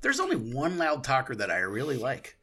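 A man's voice: medium pitch, wildly swooping pitch, brisk, a bit bright, breathy edge. A man co-hosting a podcast in casual banter, rambling through theories with plenty of swearing. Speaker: podcast co-host.

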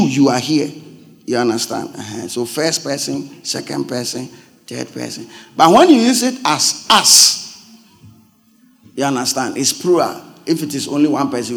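A man, a pastor, preaching a sermon, explaining points like a teacher and asking again and again if he is understood, then rising into loud, emphatic preaching. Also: mid-range voice, creaky. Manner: teacherly, checks understanding with repeated questions.

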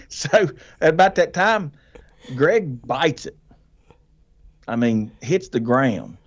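A man telling a hunting story as a podcast guest, animated and folksy, laughing often and acting out what people said. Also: medium pitch, slow pace, pauses often, highs cut off. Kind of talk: casual storytelling.

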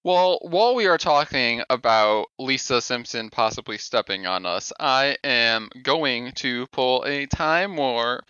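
A man hosting a gaming podcast and running its quiz segment in a measured way. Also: mid-range voice, expressive, bright, forceful tone, clear, resonant tone, no echo. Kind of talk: casual gaming podcast chat. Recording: slightly dull, lo-fi mic.

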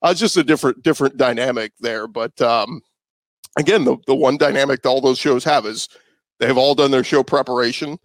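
A man's voice: medium pitch, a little fast, no room sound. Male sports radio guest, 30s, casual storyteller, mid-range voice, dead-dry podcast sound. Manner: conversational, loose, many fillers and restarts. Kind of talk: casual interview talk.

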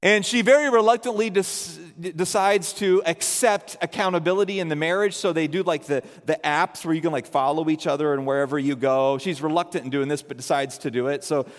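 A man's voice: on the high side, fairly quick, hardly any pauses, big-room sound. A man preaching a sermon, telling a story and acting out the people in it in quoted voices. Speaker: pastor.

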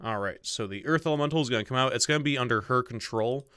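A man's voice: medium pitch, fast talker, pushed and bright, clear, resonant tone, no echo, studio quality. A man running a tabletop role-playing game as game master, describing the scene and rules with many fillers and asides to himself. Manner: many fillers, mutters to himself while setting things up.

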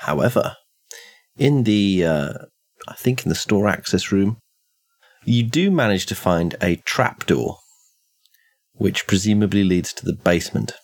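A man running a tabletop horror game, describing scenes in a relaxed way with fillers. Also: on the low side, unhurried, long pauses. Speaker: game master.

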